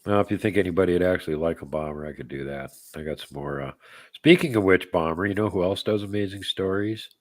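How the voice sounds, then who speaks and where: A man's voice: low-pitched, fast talker, dry recording. A man hosting a live show in casual chat, rambling and joking as he answers viewers' comments by name. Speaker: podcast host.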